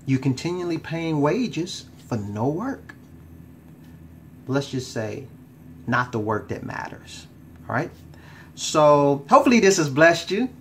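A man's voice: a little high, sing-song, slow pace, long pauses, fairly bright tone, a little hiss or hum. Emphatic man giving relationship advice. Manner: emphatic, repeats words for stress, casual slang. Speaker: relationship coach. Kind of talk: direct-to-camera advice talk.

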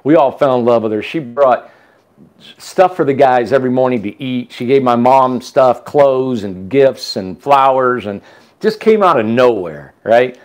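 A man's voice: medium pitch, expressive, a little slow. A man hosting a casual chat, telling a long story with restarts and asides. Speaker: host.

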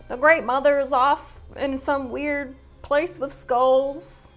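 Woman reaction host, slightly high voice, chatty and quick to laugh. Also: steady tone, soft background music. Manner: chatty, laughs often, talks back to the screen. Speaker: drama reaction channel host. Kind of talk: casual reaction commentary.

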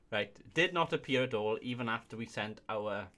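A young man with a medium-pitched, fairly bright voice hosts a casual comedy video. Reading reviews aloud, he's giggly and can't stop laughing.

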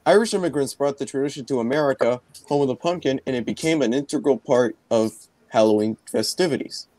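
A man's voice: mid-range voice, darkish tone, no echo. Man reading aloud on a dry mic. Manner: reads text aloud haltingly, with restarts. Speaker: stream co-host. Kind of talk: casual chat and reading aloud.

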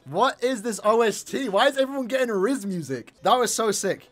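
High-voiced excitable young man reacting. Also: fairly quick, faint music behind. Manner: excitable, slangy exclamations and shouts. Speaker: anime reaction channel host. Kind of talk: casual anime reaction commentary.

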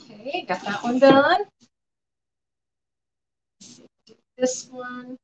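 A woman running a live painting demo in her art studio, relaxed and often murmuring to herself as she works. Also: sits high, slow pace, muffled recording, a little hiss or hum. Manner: relaxed, talks to herself while working, often quiet and off-mic. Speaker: painting instructor.

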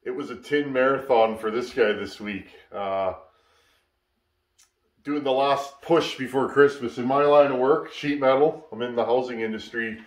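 The host of a chainsaw repair channel, a Canadian man with a mid-range voice, chats casually at a moderate pace in his workshop, tired after a long work week. Relaxed and rambling, he fills his talk with "uh"s, and the workshop sounds echoey.

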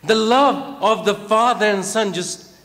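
A man delivers a sermon at a religious gathering, his voice pitched high. He chants verses and then unpacks them, coming back to key phrases again and again. Long reverb from a large hall trails behind every line. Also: measured pace, fairly bright tone. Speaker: preacher.

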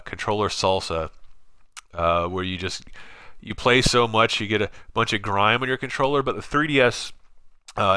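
A man's voice: on the low side, pushed and bright, clean tone, no room sound, studio quality. A man hosting a casual gaming stream from his apartment, rambling, swearing freely, and reading viewer comments aloud. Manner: profane, rambling, reads chat aloud. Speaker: game streamer and host. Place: home apartment.

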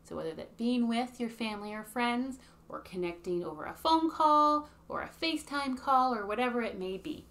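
A woman's voice: on the high side, animated, normal speed, few pauses, a bit bright. A woman from Canada leading young children through simple songs and rhymes, chatting to them between verses. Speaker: early years program leader. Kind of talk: children's song and rhyme circle. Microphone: webcam or phone.

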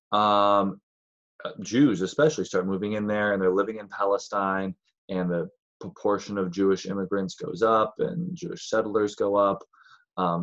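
A man's voice: fairly low pitch, highs cut off. A man teaching a casual history lesson in a chatty, rambling way, sometimes acting out voices of historical figures.

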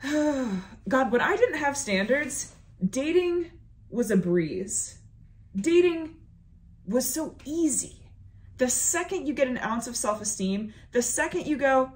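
A woman's voice: sits high, sing-song, a little slow. A young adult woman, a stand-up comedian, talking to camera in a sassy, playful monologue and stretching words out for emphasis.

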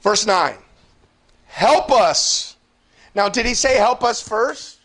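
A man preaching a Bible study sermon, reading scripture aloud and swinging from quiet confiding asides to fervent, pleading outbursts. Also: animated, slow pace. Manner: rises into fervent shouted pleading, then drops low. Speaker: pastor.

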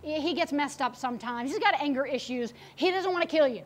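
A woman's voice: sits high, brisk, natural voice. A woman voicing a loyal young prince, earnest and reassuring, in a sermon retelling. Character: loyal young prince defending his father.

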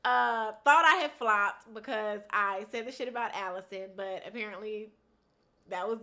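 A young woman telling a story to her camera in a casual vlog, animated, dropping to hushed asides and rising to loud outbursts, laughing often. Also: medium pitch, normal speed. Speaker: vlogger.

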